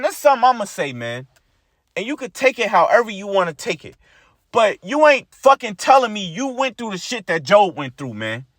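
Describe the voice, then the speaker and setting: A man's voice: very high-pitched, fairly bright tone, dry recording, clean studio sound. A man preaching an informal sermon to his followers, blunt and profane, who keeps repeating his lines and ends his phrases with "man".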